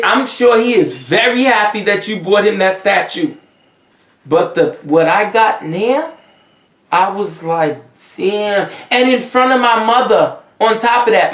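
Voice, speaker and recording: A man with a Haitian accent, a vodou priest giving animated, emphatic spiritual advice in a casual monologue. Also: sits high. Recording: roomy sound, distant from the mic.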